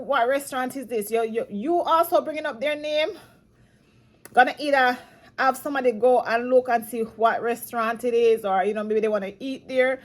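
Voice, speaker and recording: A woman from Jamaica gives a loose, rambling vlog commentary, often restarting her sentences and pressing her points with emphasis. She sounds saddened and emotional. Her voice sits slightly high. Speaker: commentary vlogger. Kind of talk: casual commentary monologue.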